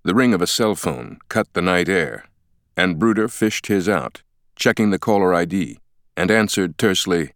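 A man reads a thriller audiobook in scripted narration, his storytelling measured and even. His voice is very low, and the recording is dry and close with no room sound at all.

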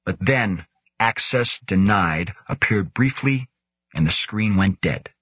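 A man narrating a science-fiction audiobook in a measured, steady way. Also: on the low side, husky, no room sound. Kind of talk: scripted narration.

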